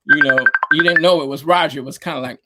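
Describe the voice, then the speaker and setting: Over a video call, a DJ and producer appears as a guest in a casual interview, rambling through stories packed with fillers and slang. His voice sits on the high side and moves fast, and the audio is very noisy.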